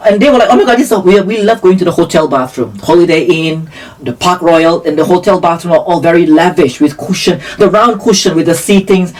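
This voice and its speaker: A woman's voice: lowish voice, a little fast. A woman from Asia, a guest in an interview, candidly telling personal stories and acting out the voices in them. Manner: animated, acts out dialogue in lively voices. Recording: voice a bit far from the mic.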